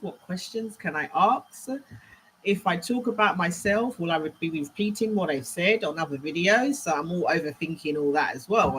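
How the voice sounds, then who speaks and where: A woman's voice: fairly low pitch, a bit bright, a little hiss or hum. A woman with an English accent, chatting casually and rambling on a live stream while moving around her home. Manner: chatty and rambling, thinking aloud. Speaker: leadership trainer hosting a live Q&A.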